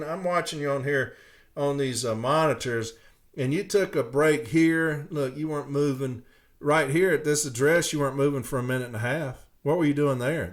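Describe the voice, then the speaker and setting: Guy doing a naggy suspicious mail boss, kinda high voice, keeps accusing. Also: natural voice. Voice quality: nagging, accusing. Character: scolding male mail supervisor, pushy and suspicious.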